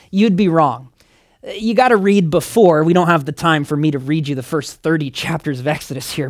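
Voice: medium pitch, no echo, clean studio sound. A preacher giving a sermon in a conversational way, emphatic and asking the listeners direct questions. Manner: conversational, with casual fillers. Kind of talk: sermon teaching.

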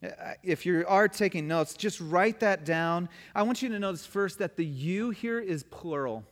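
A pastor delivers a sermon with emphatic, surging preaching, pushing hard on key words. His voice sits a touch high for a man. It rings with the long reverb of a church sanctuary. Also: normal speed. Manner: emphatic preaching, rising and falling in force.

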